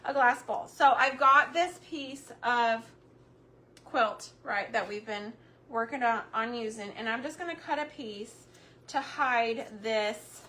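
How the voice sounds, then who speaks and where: A chatty middle-aged woman with a drawl talks her way through a homemaking livestream. Her voice is bright and a little high, and it is slightly hoarse. A faint hiss sits under the recording. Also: slow pace. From Texas. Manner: chatty, warm Southern drawl with frequent fillers and word searches. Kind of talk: casual livestream chat.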